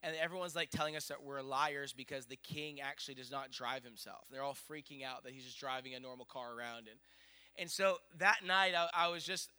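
Give me a middle-aged male pastor with a bright, high voice, excitedly telling a story in a sermon. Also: clear, resonant tone.

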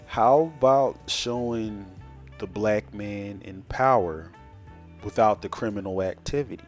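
Man co-host, lowish voice, chimes in fast and makes measured points. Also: faint music behind. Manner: quick agreeing interjections, deliberate points. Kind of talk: casual discussion.

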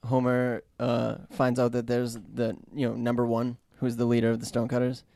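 A man co-hosting a podcast, chatting casually, agreeable and quick to back the others up. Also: medium pitch, completely flat delivery, vocal fry, dark tone, no echo, studio quality. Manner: agreeable, lots of short yeahs, hedging with "like". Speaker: podcast co-host. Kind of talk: casual chat.

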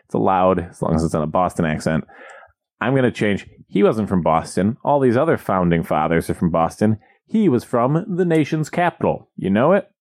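A man with a very low voice hosts a casual podcast. He rambles and jokes in a dry way. The recording is close and dry, with no room sound. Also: animated, fairly quick, dry recording. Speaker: podcast co-host. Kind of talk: casual comedic chat.

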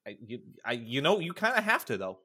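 A man's voice: medium pitch, big pitch swings, fairly quick, sharp tone, slightly rough. A man playing a tabletop game, chatting casually and rambling with lots of fillers. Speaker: player.

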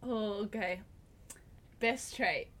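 A young adult woman speaking as a podcast guest, relaxed and laughing in casual chat. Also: mid-range voice, slow pace, crowd noise.

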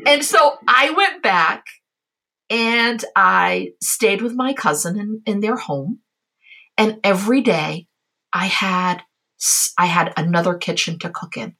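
A woman from the Azores, a cookbook author, talking as an interview guest in a casual, animated and heartfelt way. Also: mid-range voice, takes it slowly, creaky, husky. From Azores, Portugal. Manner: animated, heartfelt, acts out voices in her anecdotes.

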